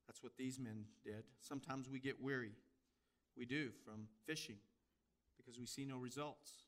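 A man's voice: mid-range voice, fairly even intonation, normal speed. A man preaching a sermon in a conversational way, asking the congregation questions. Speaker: pastor.

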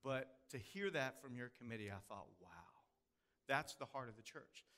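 This Texas hill country pastor, speaking with a Texan accent, preaches a sermon as folksy storytelling, drawling certain phrases. His mid-range voice moves at normal speed with a bright, forceful tone.

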